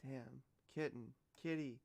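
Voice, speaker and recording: Giggly gravelly-voiced woman streamer. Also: extremely low pitch, steady tone, unhurried, a little mellow, no echo. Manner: giggly, gushing and exclaiming, trailing off mid-sentence. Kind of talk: casual live-stream reaction.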